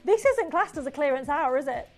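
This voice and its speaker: A woman presenting on a shopping channel, pitching jewellery live with enthusiasm and reading out viewer messages. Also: lively intonation, brisk, darkish tone, faint music behind.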